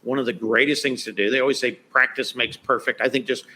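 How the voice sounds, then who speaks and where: Guy guest on a podcast, bright sharp voice, super casual, tons of "you know" and "right". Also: medium pitch, steady tone, fast. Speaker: guest expert. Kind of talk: podcast interview chat.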